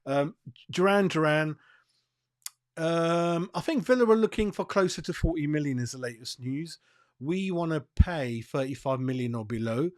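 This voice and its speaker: A man's voice: a little high, animated, moderate pace. A man hosting a football fan channel, giving a blunt, profane and fired-up rant on transfer news. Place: seated, in a dry room.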